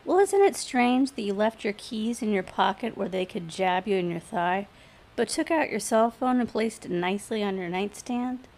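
A woman's voice: mid-range voice, expressive, moderate pace, a little mellow, lightly acted. A woman playing a taunting, bossy bartender. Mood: teasing. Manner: taunting, commanding.

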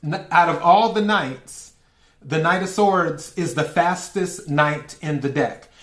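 A man's voice: fairly high pitch, takes it slowly, a bit bright. A man giving a casual tarot reading, asking for cards politely and breaking into laughter often. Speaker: tarot reader. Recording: echoey room.

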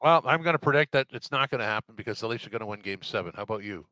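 Bright-voiced man hosting a podcast. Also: medium pitch, lively intonation, rapid-fire, no echo. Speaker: podcast host. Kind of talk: casual sports chat.

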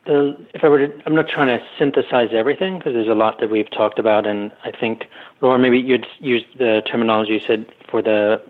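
A man's voice: mid-range voice, fairly even intonation, fairly quick. A man co-hosting a panel discussion, talking in a hesitant, rambling way with many fillers. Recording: tinny phone-like remote line.

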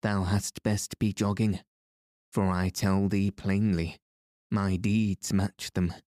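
A man's voice: deep voice, little pitch movement, slow pace, no room sound, studio quality. A man reading as a harsh, fierce outlaw stranger. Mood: menacing. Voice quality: harsh, loud. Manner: threatening, sour.

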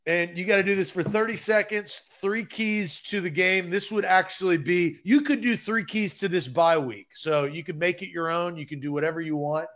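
A man's voice: sits high, moderate pace, few pauses, a bit bright. Upbeat man hosting a sports show. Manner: upbeat, laughs often. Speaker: host. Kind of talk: casual sports talk.

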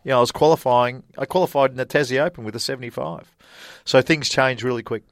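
A middle-aged Australian golfer, a guest in a casual interview, spins chatty anecdotes packed with fillers and laughter. He talks fast at a medium pitch, and the studio-quality recording has no echo.

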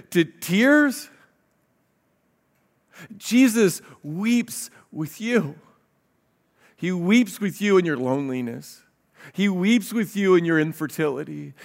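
A man delivers a sermon in a fairly high voice, earnest and direct. He reads scripture aloud between his points and often repeats a word as he restarts a sentence. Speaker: pastor.

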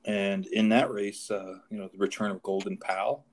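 A man hosting a horse racing talk show, talking casually with many pauses and restarts. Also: on the low side, flat delivery. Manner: halting, with many fillers and restarts. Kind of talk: casual chat.

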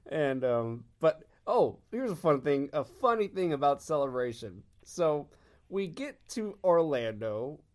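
A man from Texas telling fan anecdotes in casual chat, animated and laughing often as he acts out quotes. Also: a little high, a little slow.

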